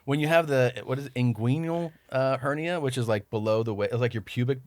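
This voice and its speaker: A man's voice: medium pitch, brisk, a little mellow, no echo. A man guesting on a podcast, telling rambling stories in casual chat and acting out what others said to him.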